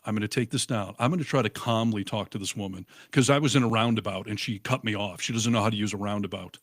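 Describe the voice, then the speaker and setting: Animated storytelling man, dry close mic. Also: lowish voice, fast, dry recording. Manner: animated storyteller, acts out quotes. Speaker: co-host. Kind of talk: casual political chat.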